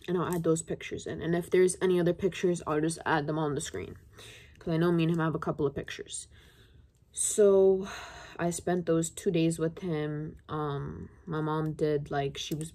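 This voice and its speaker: A woman's voice: lowish voice, mellow. A young woman in her late teens telling a personal story to her viewers in a casual, rambling, confiding way, full of fillers. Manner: rambling, confiding, heavy use of "like". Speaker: vlogger.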